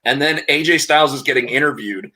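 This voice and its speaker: A man co-hosting a casual podcast, retelling events in a rambling, animated way with lots of restarts. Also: mid-range voice, quick pace. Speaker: podcast co-host. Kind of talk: casual chat, recapping wrestling.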